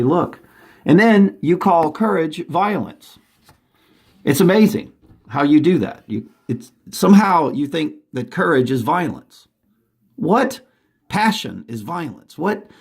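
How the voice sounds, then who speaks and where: At home, a male vlogger delivers an urgent, agitated monologue to camera, rambling and often restarting his sentences. His voice is fairly high-pitched and husky.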